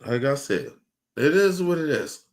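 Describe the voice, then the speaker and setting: A man's voice: a little high, very animated, a little slow, a little hiss or hum. Man ranting heatedly on a stream. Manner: heated, profane, repetitive ranting. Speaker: stream host. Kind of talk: casual stream rant.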